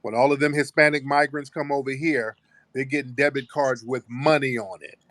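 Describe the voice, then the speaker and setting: A man's voice: medium pitch, level tone, normal speed, a bit bright, no room sound. Guy hosting a call-in show, blunt and cussing, medium voice, dry close sound. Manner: blunt, combative, profane. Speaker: host. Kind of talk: heated live call-in show.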